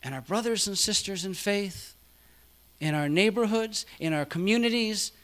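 A man preaching a sermon, quoting others quietly and building to loud, emphatic peaks. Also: high-pitched, normal speed. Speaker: pastor.

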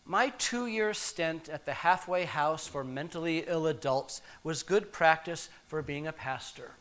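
Male pastor, 50s, bright tone, reflective storytelling sermon. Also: a little high. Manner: reflective, measured, with pauses.

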